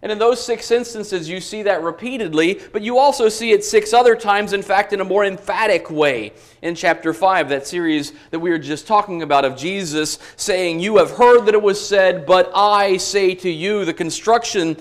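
A man preaching an expository sermon, reading scripture aloud in an earnest, emphatic way and slowing down on the quotations. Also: sits high.

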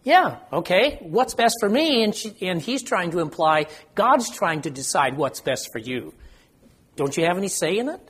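Older man, husky voice, informal Bible study leader, asks the group questions, self-deprecating. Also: sits high, very animated, normal speed, fairly bright tone.

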